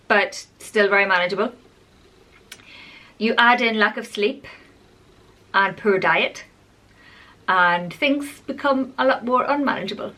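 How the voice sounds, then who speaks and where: A woman's voice: mid-range voice, pushed and bright. Chatty woman vlogging candidly. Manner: chatty, rambling, open and confessional. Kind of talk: candid personal vlog.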